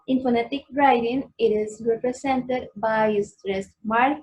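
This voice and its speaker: A young Colombian woman speaking English as a second language, her voice pitched a little high. She talks slowly and carefully, filling gaps with um and uh. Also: fairly even intonation, darkish tone, highs cut off. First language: Spanish. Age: young adult. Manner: careful, with um and uh pauses. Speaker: student presenter. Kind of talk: recorded class presentation.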